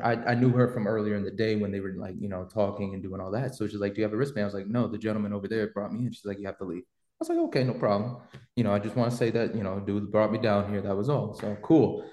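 A man's voice: lowish voice, a little mellow, reverberant. A man hosting a podcast and telling a story in a casual, slangy, rambling way, full of fillers. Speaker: podcast host.

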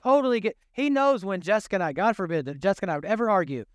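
An older man with a drawl preaches like he's chatting with his congregation, joking and animated as he goes. His voice sits high for a man and comes across smooth and resonant. The sound is dry and close, with no room echo. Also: racing. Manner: conversational, jokey, animated preaching. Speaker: pastor. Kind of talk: sermon.

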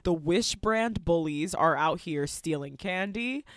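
Profane, animated woman recapping a movie. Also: lowish voice, a little slow, dry recording, clean studio sound. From Latin American heritage. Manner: animated, profane, theatrical retelling. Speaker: podcast co-host. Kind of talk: casual movie recap chat.

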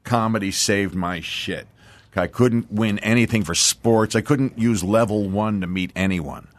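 A man in his sixties from New Jersey, a comedian guest on a talk show, who tosses in quick, jokey asides. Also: on the low side, no room sound. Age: 60s. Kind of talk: casual chat.

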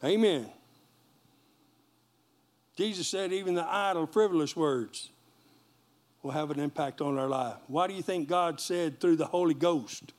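High-voiced pastor preaching. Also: male voice, moderate pace. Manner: call-and-response preaching, folksy and joking. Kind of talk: sermon.

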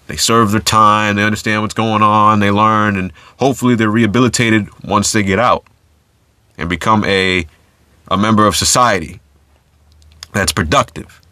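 Casual low-voiced man podcasting solo. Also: bright, forceful tone, dry recording. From United States. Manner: casual, conversational, many fillers and restarts. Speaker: podcast host.

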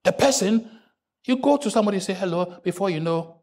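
A male pastor preaching a sermon in church, joking with the congregation and breaking into sudden loud rises. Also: high-pitched, expressive, fast.

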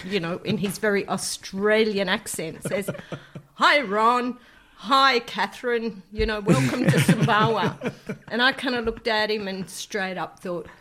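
Woman telling a story, laughs often, easy mid-pitched voice. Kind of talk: casual anecdote.

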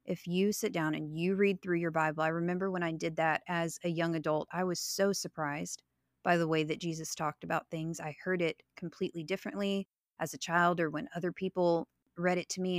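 A woman in her thirties talks on a faith podcast, sharing personal stories in an earnest, reflective way. Her voice sits low for a woman. The sound is dry and close, with no room echo. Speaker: podcast co-host.

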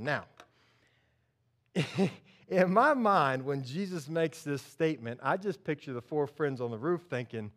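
A man preaching a sermon in a church, telling a story with lively acted-out voices. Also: a little high, normal speed. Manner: animated storytelling, acts out characters. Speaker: pastor.

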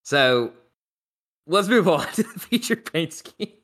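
A man's voice: a little high, big pitch swings, slow, fairly bright tone. A man hosting a podcast, leading the segments in a laid-back way and chuckling between phrases. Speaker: podcast host. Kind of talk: casual chat.

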